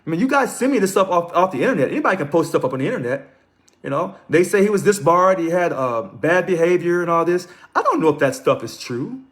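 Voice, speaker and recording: A man's voice: high-pitched, very animated, quick pace, fairly bright tone. A man hosting a casual live stream, reading aloud, commenting and greeting viewers by name. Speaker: livestream host.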